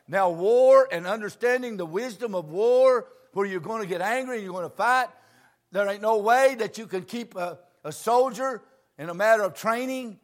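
An older preacher with a high-pitched voice delivers a folksy sermon. He swings between quiet, confiding asides and loud, shouting bursts. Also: normal speed.

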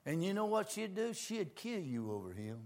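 An older preacher with a high-pitched voice delivers a folksy sermon. He swings between quiet, confiding asides and loud, shouting bursts. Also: very animated, moderate pace.

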